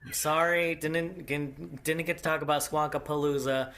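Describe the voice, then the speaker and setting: A man co-hosting a podcast in casual chat, halting with fillers and often breaking into laughter. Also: a little high, fairly even intonation, a bit bright. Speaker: podcast co-host. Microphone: podcast microphone.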